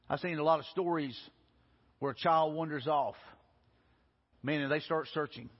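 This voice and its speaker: Husky-voiced preacher man. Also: on the high side, moderate pace, long pauses. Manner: earnest preaching, frequent restarts and repeated words. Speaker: pastor. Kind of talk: sermon. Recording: dull recording in a reverberant hall.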